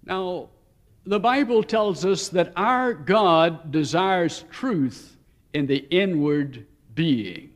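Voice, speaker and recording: High-voiced male preacher, story-telling. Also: lively intonation. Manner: story-telling, shifts between slow emphasis and quick asides. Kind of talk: sermon.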